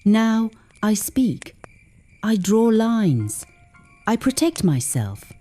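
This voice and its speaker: Slow, mellow woman storyteller. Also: medium pitch, sing-song, soft background music. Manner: slow, measured, dropping to whispers at tense moments. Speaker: narrator. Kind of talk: scripted first-person storytelling for English learners.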